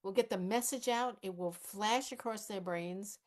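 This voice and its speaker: A woman's voice: medium pitch, normal speed, close to an everyday voice. A woman performing live improv, playing a cautious older activist who muses hesitantly and pokes wry holes in the plans. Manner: dry, hesitant, mildly skeptical.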